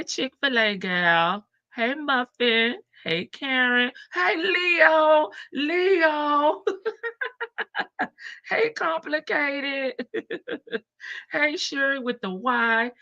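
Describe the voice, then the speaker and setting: Bright-voiced woman live-stream host. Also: a little high, no echo. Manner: chatty, greets viewers by name, reads articles aloud. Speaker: livestream host. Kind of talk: casual live-stream chat and news reading. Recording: slightly dull, dry stream audio.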